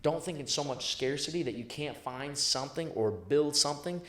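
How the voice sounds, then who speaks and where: A sales professional guest in a motivational interview talks about sales in an emphatic, blunt, profane way, repeating lines for punch. His voice is a little high and fairly bright at normal speed, recorded in an echoey room.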